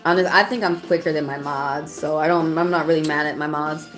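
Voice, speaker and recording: A woman's voice: low-pitched, fairly even intonation, fairly quick. Outspoken Southern woman reading tarot live. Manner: chatty, outspoken, talks straight to chat. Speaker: tarot reader. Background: faint background music.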